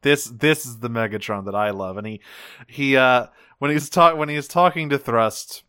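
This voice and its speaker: A man's voice: medium pitch, moderate pace, pushed and bright, clear, resonant tone, no echo, studio quality. A man co-hosting a casual chat, laid-back and swearing a lot. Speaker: podcast co-host.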